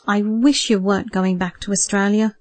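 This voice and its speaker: A woman voicing a warm, worried middle-aged mother who coaxes her grown son gently, read in a higher, lifted voice in a dry recording. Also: fairly even intonation, moderate pace, no room sound, natural voice. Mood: pleading. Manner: gentle, coaxing, softly persistent. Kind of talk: audiobook character voice.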